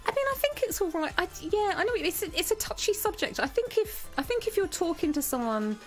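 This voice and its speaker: A woman's voice: extremely high pitch, sing-song, brisk, few pauses, faint music behind. A woman from England chatting casually and a little tipsily while streaming a game. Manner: chatty, giggly, a little tipsy. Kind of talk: casual gaming chat.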